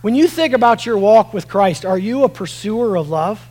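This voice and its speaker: A man with a high voice preaches a sermon. He swings between loud, shouted emphasis and quiet, low passages as he reads verses aloud. He often stumbles over repeated words and restarts his phrases. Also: lively intonation, normal speed, low-quality recording. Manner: repeats words and restarts while reading scripture. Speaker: pastor.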